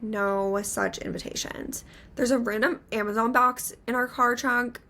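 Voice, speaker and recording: Casual storyteller, young woman, bright forceful tone, fillers everywhere. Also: a little high, measured pace. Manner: animated, many filler "like"s. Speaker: podcast co-host.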